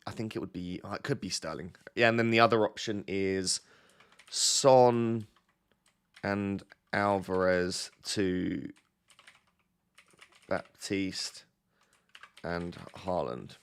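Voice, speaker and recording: A man with a slightly low voice, talking casually on a live stream as he thinks aloud to his viewers. He rambles and pokes fun at himself, and he sounds a little bunged up. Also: slow pace, long pauses, clear, resonant tone. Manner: rambling and self-deprecating, thinking aloud to chat. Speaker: fantasy football streamer.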